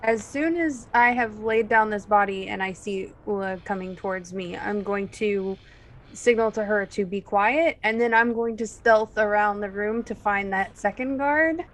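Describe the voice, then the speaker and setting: A woman playing in a tabletop game, stating her character's actions deliberately. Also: medium pitch, rough recording. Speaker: player.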